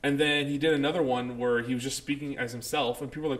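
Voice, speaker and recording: A man's voice: mid-range voice, steady tone, quick pace, fairly bright tone. A man co-hosting a casual podcast chat, rambling with lots of fillers. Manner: rambling, filler-heavy talk. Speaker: podcast co-host.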